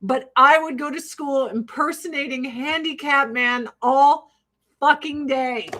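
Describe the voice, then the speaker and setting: A woman's voice: high-pitched, a little slow. A middle-aged woman hosting a casual talk show, rambling and swearing as she tells stories. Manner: rambling, profane, animated storytelling. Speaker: podcast host. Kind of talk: casual chat.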